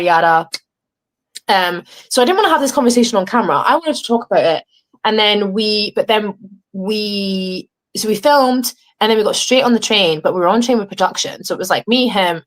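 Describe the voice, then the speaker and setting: A young woman with an English accent, a reality show contestant telling her story at home in a casual interview, animated and swearing as she acts out what others said. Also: mid-range voice. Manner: animated, swearing, acting out quoted dialogue.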